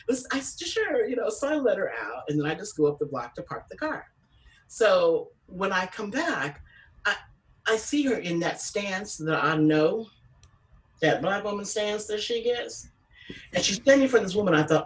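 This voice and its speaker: A woman comedian doing an animated stand-up storytelling set, salty and quick to act out other people's voices. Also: medium pitch, far from the mic, rough recording. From San Francisco Bay Area.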